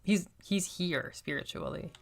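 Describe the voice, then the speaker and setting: A woman streamer chatting casually and excitably while she plays a video game, often joking at her own expense. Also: lowish voice, measured pace, gravelly. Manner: chatty, excitable, self-deprecating. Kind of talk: casual gameplay commentary.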